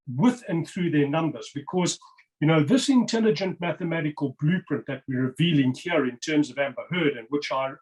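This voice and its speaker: A man's voice: a little high, a little mellow, rough recording. A man on a video-call interview, explaining number patterns over slides in an emphatic, insistent way and repeating words for stress.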